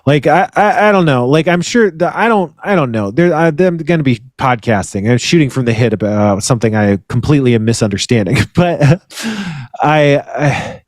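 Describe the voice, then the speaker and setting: A man's voice: medium pitch, lively intonation, moderate pace, dry recording, studio quality. A man co-hosting a podcast in casual chat, rambling and swearing, often restarting his sentences. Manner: rambling, swearing, self-interrupting. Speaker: podcast co-host.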